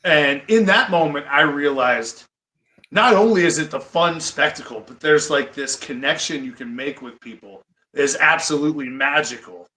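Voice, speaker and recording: A man in his forties from Iowa, a pro wrestler, telling stories as a podcast guest in an animated way. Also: a little high, reverberant, rough recording. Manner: animated, quick to laugh. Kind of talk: casual storytelling. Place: studio.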